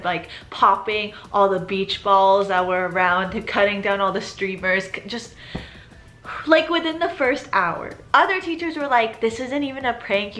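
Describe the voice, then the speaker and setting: A young woman in her twenties tells a school story in a loose, chatty vlog style, her voice bright and clear at an ordinary middle pitch. She giggles often and leans on filler words as she talks. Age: 20s. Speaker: vlogger. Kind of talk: casual storytime.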